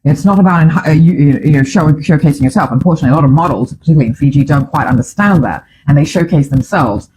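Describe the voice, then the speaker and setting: A woman's voice: deep voice, racing, few pauses, background noise. A woman hosting a casual talk show from a studio, chatty and opinionated, often drifting off on tangents. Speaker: show host.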